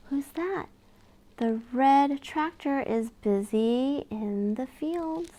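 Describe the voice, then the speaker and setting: A woman with a high, light voice reads a children's picture book aloud. She takes her time, leaving room after each line. Her delivery is gentle and sing-song, full of small gasps and coaxing questions. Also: drawn-out words. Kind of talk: read-aloud for young children.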